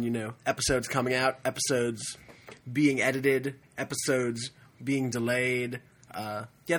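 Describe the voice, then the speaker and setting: A man co-hosting a podcast in casual chat, relaxed and dryly teasing. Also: mid-range voice, husky. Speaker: podcast co-host.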